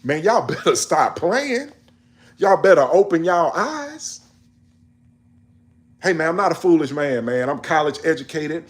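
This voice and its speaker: A man's voice: a little high, very animated, a little slow, long pauses. A man in a casual monologue on world events, emphatic and preachy, scolding his listeners in slangy speech. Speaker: commentator.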